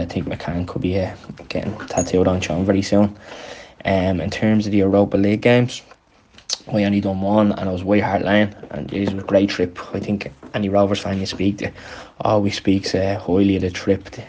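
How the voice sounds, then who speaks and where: A man's voice: low voice, a little mellow, slight background noise. A young man telling stories casually, rambling with lots of ums. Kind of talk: casual storytelling chat.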